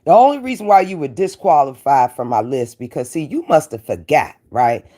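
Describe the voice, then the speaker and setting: A woman's voice: low voice, expressive, fairly quick, dark tone. A woman hosting an online commentary show, delivering a taunting, profane rant at a rival and repeating her catchphrases.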